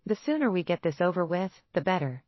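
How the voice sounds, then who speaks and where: A woman voicing a smooth, confident male lawyer. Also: lowish voice, fairly quick, no room sound, lo-fi sound. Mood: calm. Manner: calm, smooth, businesslike.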